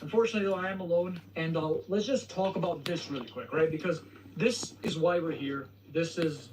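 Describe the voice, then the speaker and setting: A man's voice: fairly high pitch, brisk, a little mellow, recorded from a distance, a little hiss or hum, rough recording. A young man hosting his video, retelling a story in a hesitant way that stutters and restarts. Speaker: video host. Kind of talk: storytelling vlog. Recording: video playing from across the room.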